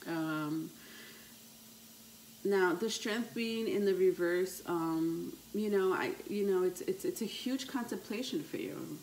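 A woman giving a tarot reading to her viewers, unhurried and hesitant, with frequent ums, calling listeners "my love". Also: lowish voice, darkish tone, slight background noise, poor audio. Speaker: tarot reader.

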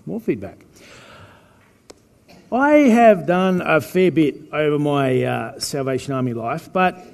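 A man gives a sermon in a loose, joking way, talking with his congregation. His voice sits a little high. The church hall lends it a long echo. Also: gravelly, a little mellow. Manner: chatty, joking sermon delivery. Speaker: pastor.

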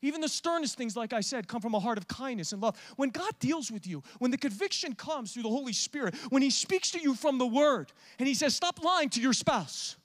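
A man preaching a sermon with passion, swinging from loud urging to hushed, intimate talk. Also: extremely high pitch, lively intonation, brisk, hardly any pauses.

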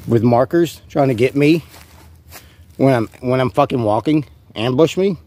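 A man's voice: mid-range voice, moderate pace, a little mellow. A man vlogging an in-character rant, rambling, profane and taunting an unseen rival.

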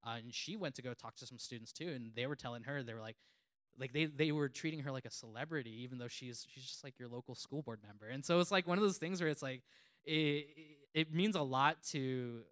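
Earnest rambling man, smooth voice. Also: mid-range voice, brisk, fairly bright tone, no echo. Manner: rambling, heavy use of "like" fillers, earnest. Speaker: reporter. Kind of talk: panel discussion.

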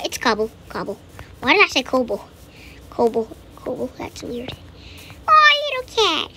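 A woman with a high, bouncy voice talks her way through a video game in a loose, playful ramble. She repeats words to herself and slips into quiet whispered asides. Clear background noise sits under the recording. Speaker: gameplay commentator. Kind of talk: casual let's-play commentary.

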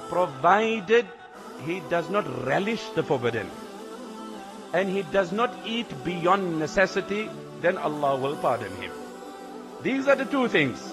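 A man preaching a sermon in an animated way, repeating phrases for emphasis. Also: high voice. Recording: long hall reverb, faint music.

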